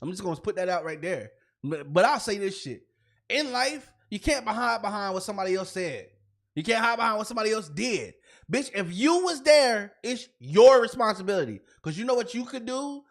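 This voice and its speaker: A man's voice: high voice, lively intonation, brisk. A man co-hosting a comedy podcast, ranting in a heated, profane way and repeating himself when fired up. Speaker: podcast co-host.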